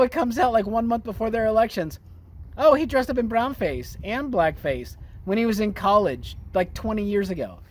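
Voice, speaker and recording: A man hosting a political commentary show, ranting in a profane, sarcastic and indignant way with sudden loud outbursts. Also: a little high.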